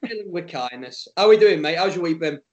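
An Englishman co-hosts a relaxed podcast chat over a Skype call, with a voice that sits a little high for a man. He ribs his co-host, cracks jokes and laughs easily. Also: a little fast, lo-fi sound. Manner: joking, teasing, laughs often. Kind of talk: casual chat.

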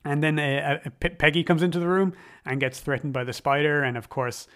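A man's voice: a little high, fairly even intonation, a little fast, fairly bright tone. Man rambling through a film recap. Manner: enthusiastic, rambling with restarts and quoted dialogue. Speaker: film reviewer. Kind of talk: casual film commentary.

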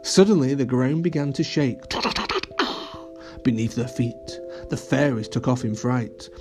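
A man gently narrating a children's audio story. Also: medium pitch, a little slow, soft background music.

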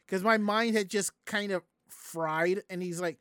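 A streamer from the Southern United States telling a story to chat in a casual, animated, profane way, acting out the people in it. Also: medium pitch, unhurried, clean tone, no room sound, clean studio sound.

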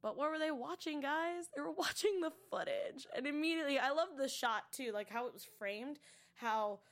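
A woman hosting a TV after-show, recapping an episode in casual, animated chat, acting out characters' lines and dropping to whispers for asides. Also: high-pitched, normal speed.

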